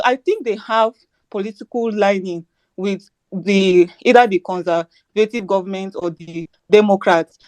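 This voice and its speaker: A woman's voice: medium pitch, a little mellow, dry recording. A woman with a Nigerian accent giving heated political commentary, asking rhetorical questions. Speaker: Twitter Space speaker.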